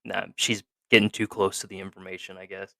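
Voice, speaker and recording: A man's voice: sits low, level tone, fairly quick, vocal fry, pushed and bright, no room sound. A man co-hosting a podcast, rambling through a film recap in casual, profane chat, laughing and acting out the characters as he goes.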